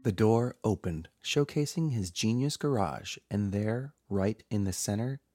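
Theatrical low-voiced male storyteller. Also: a little slow, darkish tone, no echo, clean studio sound. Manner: theatrical, playfully sinister reading. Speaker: podcast host and storyteller. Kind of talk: scripted horror story narration.

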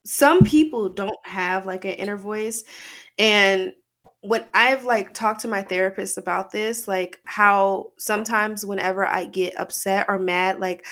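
With a medium-pitched, fairly bright tone, this woman co-hosts a laid-back podcast. Her talk is candid and meandering, full of swearing and heavy use of "like."

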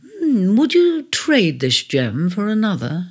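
A storyteller voicing Cancer, an emotional female crab who loves to bargain, with gushing, breathy exclamations. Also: mid-range voice, big pitch swings, a little slow, exaggerated voice. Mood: coaxing.

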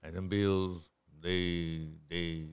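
A man's voice: low-pitched, level tone, extremely slow, smooth. A middle-aged man giving life advice in a casual podcast chat, repeating and restarting his words as he preaches. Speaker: podcast guest.

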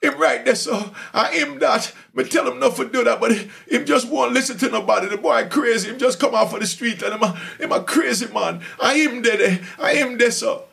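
A man's voice: extremely high pitch, brisk, creaky, few pauses, fairly bright tone, pitched above the performer's own voice, heavily acted. A man voicing a beaten young male Jamaican inmate who pleads desperately in a Jamaican accent. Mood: frantic.

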